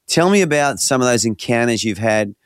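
A man's voice: mid-range voice, lively intonation, brisk. A man hosting an interview, asking friendly prompting questions. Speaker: interview host. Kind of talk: casual interview.

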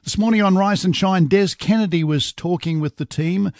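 A man's voice: high voice, moderate pace, a little mellow, dry recording, clean studio sound. A man announcing songs and the next segment on a radio show. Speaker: radio host.

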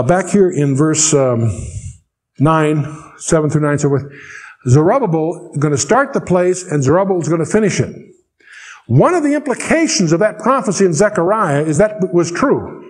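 A man's voice: a little high, darkish tone. Older man teaching scripture, dry humor. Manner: reads scripture slowly, then explains with dry asides. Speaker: Bible teacher. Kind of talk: verse-by-verse Bible teaching.

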